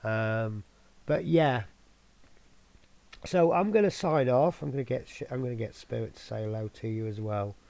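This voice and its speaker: A man talks through a loose, chatty channel update, drifting from topic to topic with plenty of ums. His voice has a gravelly, creaky edge at an ordinary middle pitch. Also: moderate pace, a little mellow, dry recording. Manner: rambling, filler-heavy, chatty. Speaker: scale model channel host.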